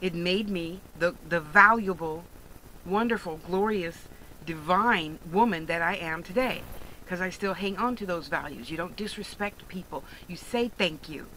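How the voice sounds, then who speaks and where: A woman's voice: fairly low pitch, unhurried, bright, forceful tone, a little hiss or hum, low-quality recording. A woman who sells jewelry online, ranting bluntly and sarcastically in a profane vlog monologue. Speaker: online jewelry and crystal seller.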